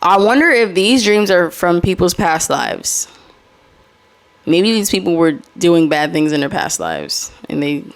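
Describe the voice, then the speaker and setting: A woman's voice: on the low side, creaky. A young adult woman hosting a casual solo podcast, reading posts aloud and laughing between them. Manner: chatty, reads posts aloud with laughing asides. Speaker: podcast host.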